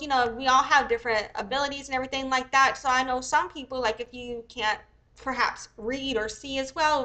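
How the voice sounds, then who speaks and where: Young American woman, livestream commentator, high and bright, a bit sick, profane, rambling. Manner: profane, rambling, thinks aloud. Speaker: livestream host.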